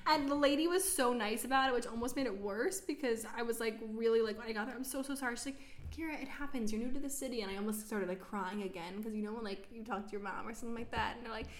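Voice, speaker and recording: A woman's voice: a little high, quick pace, few pauses. Chatty young woman, echoey room. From United States. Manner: animated storytelling, many filler likes, laughs while talking. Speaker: podcast co-host. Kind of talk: casual chat.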